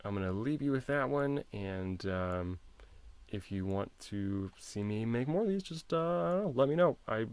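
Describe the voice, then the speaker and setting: Low, gravelly man teaching chess casually. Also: lively intonation, normal speed, a little mellow, dry recording. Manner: chatty, self-interrupting, poses puzzles to viewers. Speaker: chess instructor. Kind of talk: casual chess lesson walkthrough.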